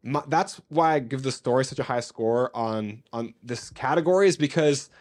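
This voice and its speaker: A man's voice: mid-range voice, normal speed, darkish tone. A young man co-hosting a casual movie review podcast, enthusiastic and laughing often, with lots of "like" and "um". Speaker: podcast co-host.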